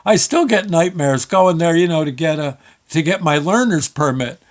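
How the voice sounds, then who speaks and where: An older man in his sixties spins a comic story as a show host, his voice sitting a little higher than most men's. He talks in an excitable, rambling way, stopping and restarting mid-sentence as the tale runs away with him. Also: measured pace. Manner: rambling, excitable, self-interrupting.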